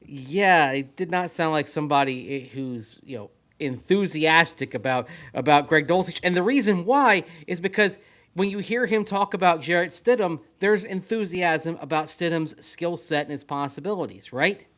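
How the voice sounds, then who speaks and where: A man's voice: fairly high pitch, normal speed, fairly bright tone. Skeptical man co-hosting sports radio. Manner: analytical, skeptical. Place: at a league meeting venue.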